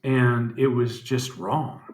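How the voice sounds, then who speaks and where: A man talking candidly to camera in a personal video diary, halting and reflective, with frequent pauses and fillers. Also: medium pitch, fairly even intonation. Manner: candid, plain-spoken. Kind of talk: personal confessional vlog. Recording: roomy echo.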